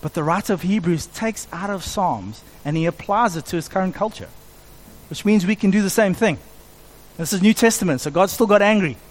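Middle-aged guy preaching, pretty high voice, animated, acts out the quotes. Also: a little fast. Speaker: pastor. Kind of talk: sermon.

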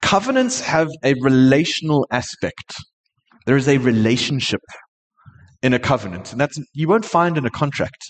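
A man preaching to his congregation in a church hall, his speech carrying a long reverberant tail. He talks earnestly and sincerely at a middle pitch, pausing often with small hesitations. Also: big pitch swings. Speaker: pastor. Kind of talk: sermon.

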